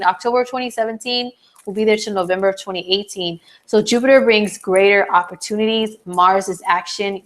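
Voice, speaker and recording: Woman astrologer host, casual live-stream delivery, chatty with filler words, slightly hoarse, mid-range voice. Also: medium pitch, a bit bright. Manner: chatty, lots of "like" and "um", reads viewer comments aloud. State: slightly hoarse, clearing her throat.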